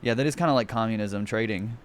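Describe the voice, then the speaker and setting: A man's voice: fairly low pitch, quick pace, slight background noise. Profane, mocking male streamer. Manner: profane, mocking, sarcastic rants. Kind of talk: casual reaction commentary.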